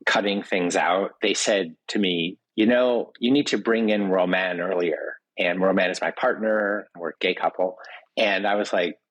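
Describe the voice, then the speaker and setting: A man from the United States chats as an interview guest, his voice husky and pitched fairly low. He wanders from anecdote to anecdote, leaning on "you know" and "like" as he goes. The sound is close and dry, with no room around him. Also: normal speed, fairly bright tone, dry recording, low-quality recording. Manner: rambling, anecdotal, full of "you know" asides. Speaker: guest, food writer. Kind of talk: casual interview talk.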